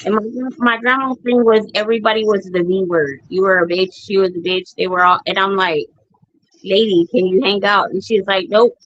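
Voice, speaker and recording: A woman's voice: mid-range voice, fairly even intonation, a little fast, few pauses, fairly bright tone, dry recording, dull audio. Candid woman in casual chat. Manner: candid, laughs while telling family stories. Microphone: streaming mic.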